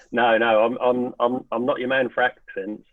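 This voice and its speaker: An English man joins a podcast over a video call, hesitant and full of fillers and restarts. His voice is mid-pitched, and the line sounds tinny and phone-like with a dry feel. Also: dry recording. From United Kingdom. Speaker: podcast guest. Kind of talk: casual podcast chat.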